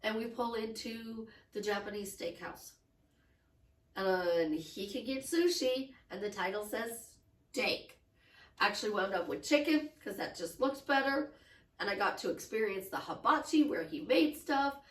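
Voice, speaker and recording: A woman's voice: on the high side, measured pace, echoey room, recorded from a distance, poor audio. A woman life coach talking casually, telling stories and acting out the quoted dialogue. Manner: animated storytelling, acts out quoted dialogue.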